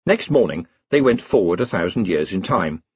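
Husky man reading an audiobook. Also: low voice, sing-song, normal speed, no room sound. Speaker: audiobook narrator. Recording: dull lo-fi dry recording.

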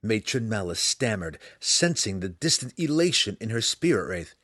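A man narrating a fantasy audiobook with a dramatic, expressive reading. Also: on the low side, normal speed, no echo, studio quality.

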